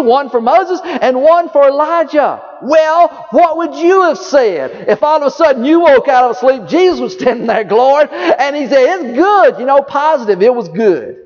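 A man preaching from the pulpit in a high, bright-pitched voice, swinging between soaring emphasis and hushed asides with folksy chuckles. His voice rings with a long church reverb, and the recording sounds a little dull and muffled. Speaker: pastor. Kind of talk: sermon. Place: church sanctuary.

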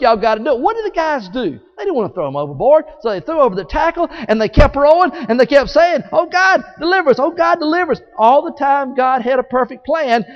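A man preaching a sermon as a story, animated and folksy, acting out scenes with sound effects. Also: extremely high pitch. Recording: echoey hall, dull sound.

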